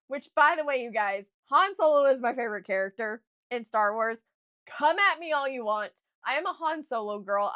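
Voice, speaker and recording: A young woman author chatting casually to her stream viewers, telling an animated, gushing story with restarts. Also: fairly high pitch. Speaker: author streaming a writing session.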